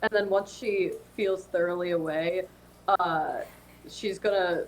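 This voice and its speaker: A woman's voice: on the low side, steady tone, slow, rough recording. A woman playing a tabletop game, talking in a hesitant, chatty way. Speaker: player. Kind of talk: casual tabletop game talk.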